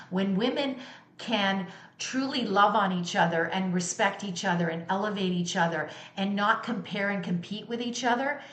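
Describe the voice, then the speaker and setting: A woman's voice: medium pitch, a bit bright, echoey room. A middle-aged woman giving a motivational talk as a sound healer, speaking candidly and emphatically, with blunt swearing.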